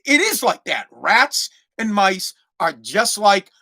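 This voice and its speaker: A man's voice: high-pitched, very animated, takes it slowly, bright, forceful tone. A man hosting a podcast in a heated, profane rant, often repeating words as he stumbles to get his point out. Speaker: podcast host.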